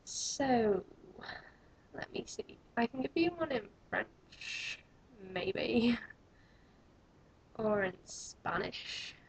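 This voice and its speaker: A woman's voice: on the high side, expressive, slow pace, slight background noise. A young woman, chatting to camera in a rambling, self-mocking vlog. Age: young adult. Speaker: vlogger. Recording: dull lo-fi webcam audio.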